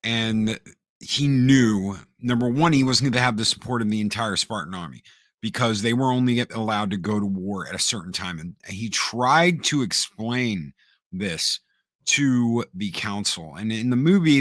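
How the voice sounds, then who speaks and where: A man co-hosting a casual podcast chat, an animated storyteller who repeats words and acts out quotes. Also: lowish voice, normal speed, no echo, clean studio sound. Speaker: podcast co-host.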